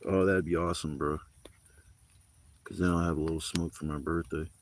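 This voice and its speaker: A man's voice: very deep voice, level tone, fairly quick. A man livestreaming from a campsite, telling rambling stories in laid-back, slangy talk full of swearing. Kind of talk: casual rambling storytelling. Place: outdoors at a campsite in the rain. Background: faint rain.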